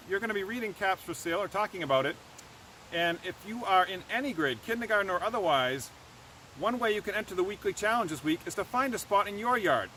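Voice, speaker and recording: High-voiced man reading to children. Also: a little hiss or hum, rough recording. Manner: animated, asks children questions. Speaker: teacher reading aloud. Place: outdoors.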